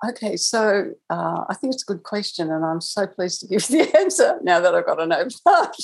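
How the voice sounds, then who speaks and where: A woman's voice: on the low side, lively intonation, a little fast, creaky, breathy edge, low-quality recording. A woman guest on a podcast telling a personal story in a reflective, conversational way, laughing now and then. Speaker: guest, angel communicator.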